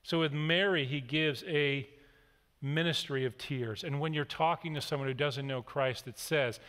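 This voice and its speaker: A middle-aged man preaching in a church, his voice pitched a little high for a man. He reads a passage and then unpacks it earnestly, telling stories along the way. The sanctuary's long reverb trails after each phrase. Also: fairly even intonation, normal speed, fairly bright tone. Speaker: guest speaker. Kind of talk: sermon.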